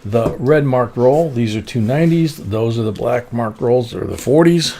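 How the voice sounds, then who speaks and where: Gravelly man hosting a coin livestream. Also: mid-range voice, moderate pace, a little hiss or hum. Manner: relaxed, chatty, reads out viewer comments. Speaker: livestream host searching coins. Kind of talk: casual livestream chat.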